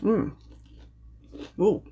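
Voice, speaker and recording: A woman hosting a mukbang, chatting casually between bites with relaxed, unhurried murmurs of enjoyment. She talks from her home apartment. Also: muffled recording. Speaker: mukbang host. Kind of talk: casual ASMR eating chat.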